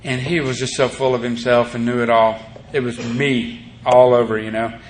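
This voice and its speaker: Delivering his story flatly at a moderate pace, a man with a mid-range voice speaks to a recovery meeting audience, rambling with plenty of "you know"s. The recording is echoey room tape with a faint hiss.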